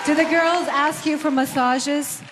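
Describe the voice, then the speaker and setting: A woman's voice: high-pitched, fairly even intonation, a little slow, in a large hall, heavy background noise. A woman hosting a live pageant on stage, upbeat and teasing with the contestants. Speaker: pageant host. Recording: live show with music and crowd.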